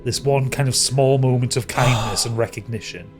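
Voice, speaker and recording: A man's voice: mid-range voice, moderate pace, music in the background. Hesitant male game master. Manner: descriptive, hesitant, many ums and kind ofs. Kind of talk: narrating a tabletop game.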